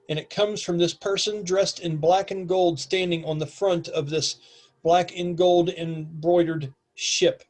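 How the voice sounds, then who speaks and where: A man narrating a tabletop game as game master, describing scenes with frequent ums. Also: fairly high pitch.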